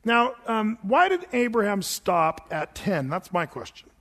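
A man's voice: high voice, very animated, measured pace, fairly bright tone. A man preaching a sermon in a chatty, folksy storytelling manner, often laughing, recorded in a large hall. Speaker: pastor. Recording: long hall reverb.

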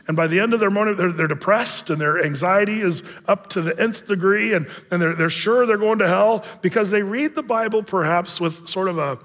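A man's voice: sits high, fairly bright tone, big-room sound. A male pastor giving a sermon in a church, telling stories casually with self-deprecating humor. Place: church sanctuary.

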